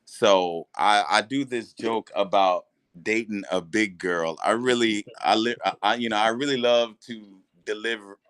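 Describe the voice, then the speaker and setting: A man, a stand-up comedian, chatting as a guest with animated, profane storytelling and frequent restarts. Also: lowish voice, a little slow, few pauses, smooth, dry recording. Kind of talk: casual interview chat.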